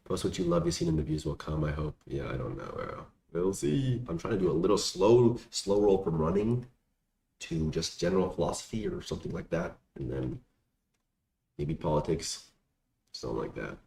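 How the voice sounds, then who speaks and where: Here a young man fields viewer questions in a low, creaky, dark voice with a sing-song lilt and moderate pace. He rambles in slang with plenty of fillers, and the casual chat was recorded in an echoey room with faint noise behind it.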